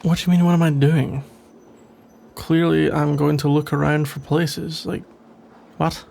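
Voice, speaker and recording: In an ASMR role-play, a man voices a sarcastic young office rival, grumbling dryly in a heavily gravelly, gritty voice that sits a bit high for a man. His delivery is unhurried with little pitch movement and a darkish tone, and there's a slight hiss or hum.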